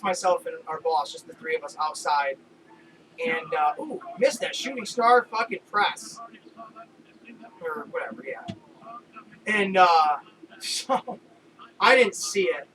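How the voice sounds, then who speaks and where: Loud, animated New York man storyteller. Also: sits high. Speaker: podcast co-host. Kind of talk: casual chat watching wrestling. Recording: distant mic with clear background noise.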